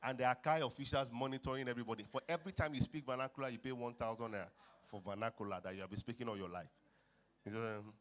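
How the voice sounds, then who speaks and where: Animated Nigerian man telling funny stories. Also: medium pitch, fast talker. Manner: animated, switching into Yoruba phrases and acting out street characters. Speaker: conference speaker. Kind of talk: humorous storytelling talk. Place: church conference hall.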